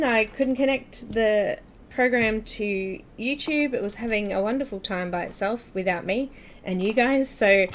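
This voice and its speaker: A woman's voice: on the high side, slight background noise. A woman hosting a live coloring tutorial stream, chatting casually, laughing often and greeting viewers by name. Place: home room with air conditioner running.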